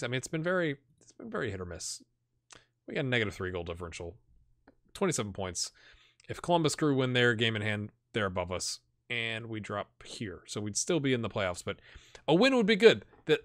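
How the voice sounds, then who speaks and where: Animated man commenting on his game. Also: medium pitch, no room sound, clean studio sound. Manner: excitable, talks to the players on screen. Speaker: gaming YouTuber. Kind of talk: casual Let's Play commentary.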